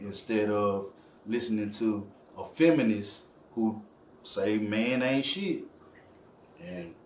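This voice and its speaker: Guy rambling in an interview, lots of fillers, faint background hum. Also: fairly low pitch. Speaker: interview guest. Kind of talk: casual interview talk. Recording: echoey room with faint ambience.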